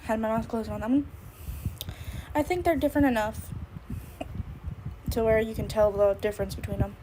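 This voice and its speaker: A woman's voice: fairly high pitch, fairly even intonation, moderate pace, background noise. A woman streamer with the hiccups, rambling casually and thinking aloud as she draws on a live stream. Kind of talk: casual drawing stream chat.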